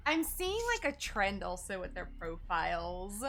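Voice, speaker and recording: A woman's voice: on the low side, sing-song, a little slow, fairly bright tone, a little hiss or hum. A woman chatting with friends while gaming, matter-of-fact and cautious. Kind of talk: casual voice chat while gaming.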